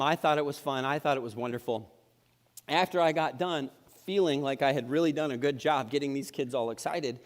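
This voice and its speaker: A middle-aged male pastor preaching a sermon in a church sanctuary, in a conversational and humorous way with frequent restarts. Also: mid-range voice. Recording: long reverb in a church hall.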